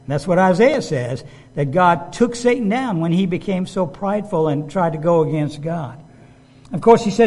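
High-voiced male preacher. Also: darkish tone, big-room sound. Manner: conversational, with frequent restarts and rising emphasis. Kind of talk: sermon.

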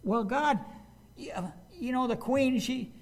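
A man's voice: extremely high pitch, expressive, takes it slowly, long reverb tail, pitched above the performer's own voice, heavily acted. A man doing a whiny, despairing prophet. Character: discouraged old prophet, whining and fearful.

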